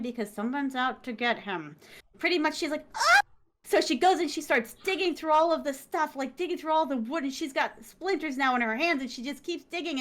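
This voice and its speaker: Woman guest, fairly high voice, animated, gushing, lots of fillers, excited storytelling. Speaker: guest, content creator. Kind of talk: excited retelling of her own story.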